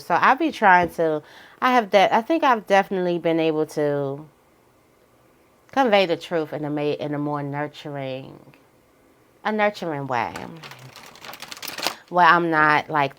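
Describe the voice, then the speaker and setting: A woman giving a casual, candid tarot reading, now and then jumping into high voices to quote people. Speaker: tarot reader.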